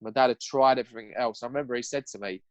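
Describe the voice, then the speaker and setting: A young man speaks candidly and earnestly as a podcast guest, his talk raw and peppered with swearing. His voice sits at an ordinary middle pitch. The recording is close and dry, with no room sound. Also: racing, dry recording, lo-fi sound. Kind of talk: candid personal storytelling.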